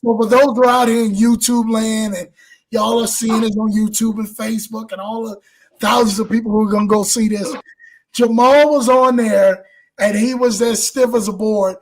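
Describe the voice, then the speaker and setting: A man hosting a live show, talking in an animated, preacher-like way and blessing his audience. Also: high-pitched, moderate pace, rough recording. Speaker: show host. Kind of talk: exuberant live show wrap-up.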